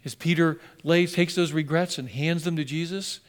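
A man preaching a sermon, telling the story with passion and swinging from loud emphasis to hushed lines. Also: a little high, steady tone, normal speed.

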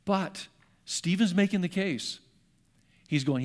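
High-voiced pastor preaching with drama. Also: male voice, lively intonation, moderate pace. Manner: dramatic, voices the scripture speakers, swings between loud and hushed. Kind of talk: sermon. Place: church sanctuary.

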